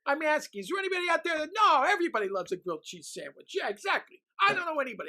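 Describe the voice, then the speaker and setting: A woman's voice: high-pitched, sing-song, quick pace, gravelly, hardly any pauses, pushed and bright, low-quality recording. A woman hosting a children's music show in an eager, exclamatory way. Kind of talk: enthusiastic kids' show hosting.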